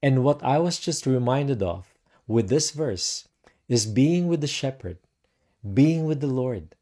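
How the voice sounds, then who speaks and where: A man giving a devotional sermon in a slow, measured way, letting his phrases trail off softly. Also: mid-range voice, lively intonation. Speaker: preacher.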